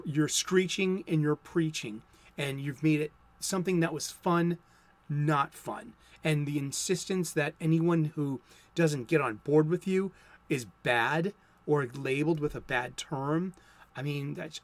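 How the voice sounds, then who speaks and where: A man in his fifties who hosts a comic book show, talking in an opinionated, conversational monologue with some halting restarts. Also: on the high side. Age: 50s. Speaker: comic book video host. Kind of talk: casual monologue.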